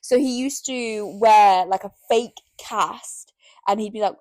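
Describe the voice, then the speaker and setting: A woman's voice: mid-range voice, slow pace, a little mellow, no echo. Young female co-host, loose chatty delivery, dry recording. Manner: rambling, heavy on "like", swears freely. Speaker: podcast co-host. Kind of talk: casual chat.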